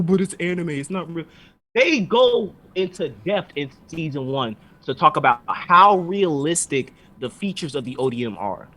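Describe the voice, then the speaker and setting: A podcast co-host with a high, sharp voice rants heatedly and sarcastically about an anime episode, swearing constantly. The recording is rough.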